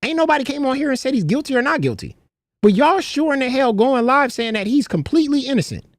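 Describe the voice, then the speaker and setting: A woman's voice: sits high, lively intonation, fast, no room sound. A woman co-hosting a reaction livestream, firing back with blunt, scoffing, profane retorts. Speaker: livestream co-host.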